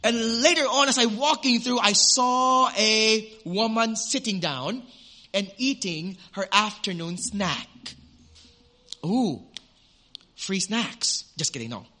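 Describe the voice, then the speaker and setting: A man preaching a sermon, telling a personal story with animated swings from loud to hushed, then preaching earnestly. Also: sits high, takes it slowly. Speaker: pastor.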